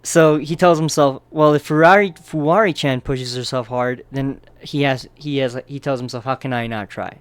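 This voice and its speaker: A man talking through a manga story in a relaxed, conversational way, tagging sentences with quick "right?" check-ins. His voice sits at an ordinary middle pitch. The recording is close and dry, with almost no room sound. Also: smooth, no room sound. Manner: loose and chatty, keeps checking in with "right?". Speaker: manga recap YouTuber. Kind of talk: casual manga recap narration.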